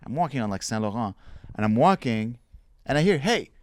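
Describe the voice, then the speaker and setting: Animated young man telling stories. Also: medium pitch, brisk. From Montreal, Canada. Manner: animated storytelling with acted-out voices and laughs. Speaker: podcast co-host and comedian. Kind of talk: casual comedic chat.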